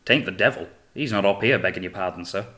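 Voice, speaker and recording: A man's voice: on the low side, fast talker, bright, forceful tone. A man voicing a frail, simple-minded male sailor who speaks in an apologetic, rustic way.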